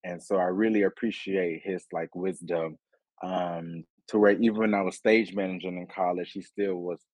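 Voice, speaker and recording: A man's voice: low-pitched, fairly even intonation, moderate pace, darkish tone, no echo. A young man, an earnest and reflective interview guest who laughs easily. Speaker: guest, theater teacher. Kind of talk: interview answer.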